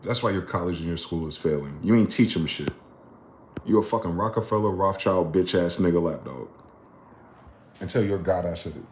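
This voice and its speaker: A man's voice: low-pitched, brisk, slight background noise. Ranting late-30s man, roomy echo. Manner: heated, profane, preachy rant with sharp swings in loudness. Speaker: livestreamer. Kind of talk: ranting livestream monologue.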